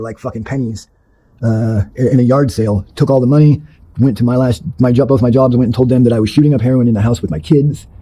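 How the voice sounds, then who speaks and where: Fast-talking husky man, blunt and profane. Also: medium pitch, warm tone, poor audio. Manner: blunt and profane, with many fillers; rambling, restarting sentences. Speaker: interviewee. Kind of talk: candid personal storytelling.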